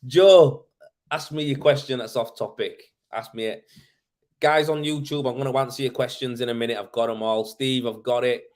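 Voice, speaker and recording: Man, livestream host, casual chat, jokey, quick, mid pitch. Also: little pitch movement. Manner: chatty, jokey, quick-talking. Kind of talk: casual live-stream chat.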